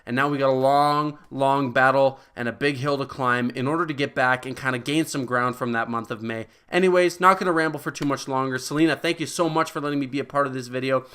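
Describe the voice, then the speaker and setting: A man's voice: medium pitch, steady tone, quick pace, few pauses, sharp tone, smooth. A man as a guest commentator, delivering a heated, profane and exasperated recap of baseball stats.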